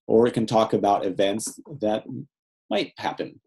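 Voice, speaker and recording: Mellow low-voiced man teaching grammar. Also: steady tone, moderate pace, rough recording. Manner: explanatory, frequent "right?" check-ins. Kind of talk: lecture.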